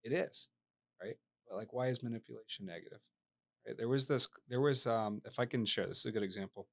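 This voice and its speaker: A man in a podcast interview, a sales professional telling a story in an animated way and often tagging his sentences with "right?". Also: medium pitch, brisk, gravelly. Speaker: guest, sales professional and real estate agent.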